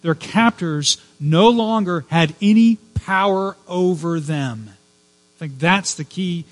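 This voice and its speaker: A man's voice: high-pitched, slow pace. A man preaching a sermon as a pastor, telling personal stories with casual asides and building to fervent emphasis on his main points. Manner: conversational, digressive storytelling with personal asides.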